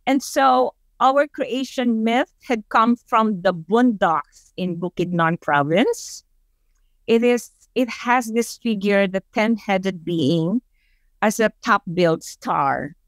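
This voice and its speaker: A woman's voice: medium pitch, no echo. A woman with a Filipino accent giving a webinar presentation, telling stories and leading the audience in call-and-response syllables. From Philippines.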